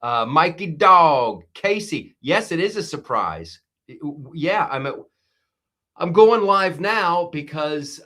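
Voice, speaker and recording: A man, a comedian, hosts a live stream and riffs excitably through casual commentary, with frequent fillers. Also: mid-range voice.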